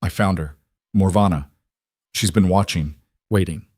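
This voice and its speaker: A man's voice: sits low, unhurried, darkish tone, no echo, clean studio sound. A man voicing a fierce, determined young she-wolf heroine with an urgent, defiant manner.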